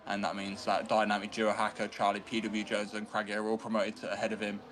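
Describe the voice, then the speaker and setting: A man's voice: lowish voice, fast talker, a little hiss or hum. A man co-commentating an online sim race, chatting about the driving and checking viewer chat. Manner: steady, chatty co-commentator who reads the chat.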